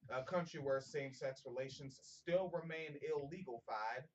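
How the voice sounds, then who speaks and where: A man's voice: mid-range voice, normal speed, distant mic, highs cut off, slight background noise. A man hosting a casual comedic podcast, reading a news story aloud with many fillers and stumbles, and joking with profanity. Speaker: podcast host.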